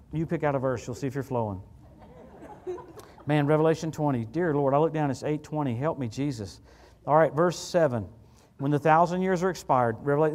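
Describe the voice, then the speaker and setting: A middle-aged man preaching as a guest minister, telling stories in an animated, conversational way. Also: a little high. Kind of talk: sermon. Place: church sanctuary. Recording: church hall reverb.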